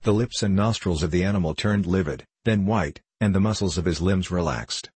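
A man narrating a classic novel in a steady, measured way. His voice is very deep with a husky edge. The sound is close and dry. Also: dry recording. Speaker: audiobook narrator. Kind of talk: scripted narration.

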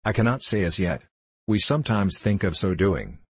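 A man reading the lines of a stiff, clerical man who speaks flat and curt. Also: deep voice, moderate pace.

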